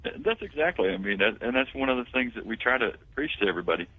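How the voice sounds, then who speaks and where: A man, a tax firm owner, pitching his services confidently as a guest phoning into a radio talk show. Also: very animated, fast, a little hiss or hum. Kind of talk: radio phone-in interview. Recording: tinny phone line.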